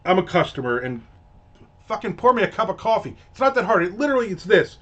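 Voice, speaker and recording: A man's voice: high voice, sing-song, quick pace, pushed and bright, a little hiss or hum. A man hosting a casual ranting monologue, telling a story in a profane, exasperated way. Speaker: host. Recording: dull lo-fi audio.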